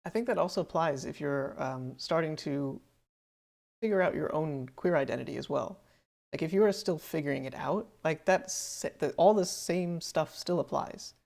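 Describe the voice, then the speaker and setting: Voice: mid-range voice, moderate pace, creaky, darkish tone. A podcast co-host talking casually, rambling through thoughts with lots of "like" and "um". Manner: rambling, many fillers and restarts.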